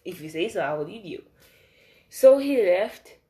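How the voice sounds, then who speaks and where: A young woman tells a casual storytime to her viewers. Her voice sits at an ordinary middle pitch, and she rambles in an animated way, full of fillers, asides and swearing. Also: normal speed. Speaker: vlogger.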